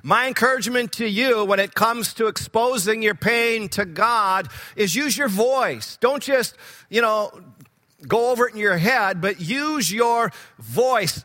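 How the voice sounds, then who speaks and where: A man's voice: very high-pitched, sharp tone, in a large hall. A man preaching a sermon, earnest and repeating key words for emphasis, growing fervent when he quotes scripture.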